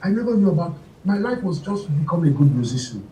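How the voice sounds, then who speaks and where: A man's voice: on the high side, fast, far from the mic. Nigerian man telling stories, roomy sound. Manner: animated, acts out quoted voices, laughs often. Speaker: interview guest, musician. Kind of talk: casual storytelling interview.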